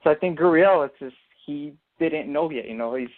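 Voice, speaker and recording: A man talks through a sports opinion in a loose, rambling podcast chat, leaning on fillers and restarts. His voice sits a little high for a man, and the sound is thin and narrow like a phone line. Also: normal speed. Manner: rambling, filler-heavy explaining. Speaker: podcast co-host. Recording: tinny phone-like audio.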